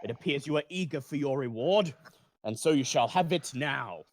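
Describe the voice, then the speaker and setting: A man voicing a suspicious male innkeeper in a tabletop game, measured and guarded. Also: mid-range voice, lively intonation, slight background noise, close to an everyday voice. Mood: wary.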